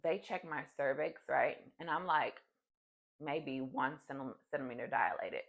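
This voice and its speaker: A woman's voice: a bass voice, measured pace, gravelly, rough recording. A young adult woman vlogger telling a personal story in a casual, chatty way, full of fillers. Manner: chatty, animated, many fillers.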